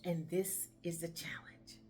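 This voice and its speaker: A woman's voice: lowish voice, unhurried, soft background music. A woman telling a dramatic story aloud, acting out the dialogue and dropping into whispers. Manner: expressive, acts out dialogue, drops to whispers.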